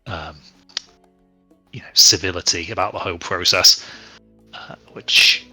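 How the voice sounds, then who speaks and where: A man narrating a tabletop game as game master, relaxed and rambling with many fillers. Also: deep voice, a little slow, slightly rough, faint music behind.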